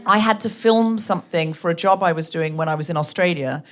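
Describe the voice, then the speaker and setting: Animated woman hosting a live podcast. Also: lowish voice, a little fast. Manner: animated storyteller, laughing through anecdotes. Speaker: podcast host. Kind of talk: live podcast chat with audience. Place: bookshop event before a live audience.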